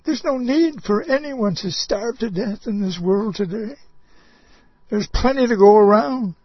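A man preaching a sermon, impassioned, swinging between loud outbursts and soft low asides. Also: measured pace, husky, no room sound, highs cut off.

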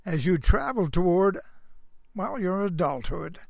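An older man talks in a slow, unhurried drawl with a gravelly fry in a fairly high voice. He rambles through a folksy Christian moral talk, chuckling and checking in with the listener through rhetorical questions. The recording is close and dry. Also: big pitch swings, no echo. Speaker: storyteller.

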